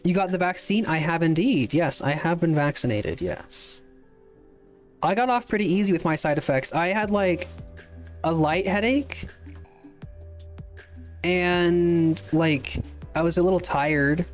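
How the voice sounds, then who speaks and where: A male streamer talks casually over his game, answering viewer chat questions as they arrive while rambling and cursing. His voice is on the high side and a little slow, with long pauses. Soft music plays in the background.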